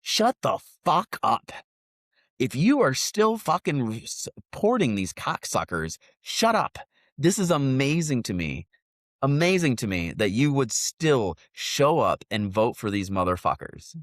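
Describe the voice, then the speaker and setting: A congested man rants hard on a podcast, swearing constantly and slipping into sneering sarcastic voices. His pitch leaps high and drops low as he goes. The sound is close and dry. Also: sing-song, measured pace, dry recording. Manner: profane, mocking, rants with sarcastic put-on voices. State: congested sinuses, sniffing. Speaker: podcast co-host. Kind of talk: profane political rant. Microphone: separate remote mic.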